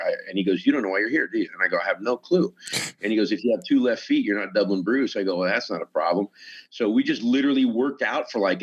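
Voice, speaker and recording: Man, low voice, stuntman guest, lively storyteller, acts out dialogue, muffled lo-fi audio. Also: husky. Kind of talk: casual storytelling on a podcast.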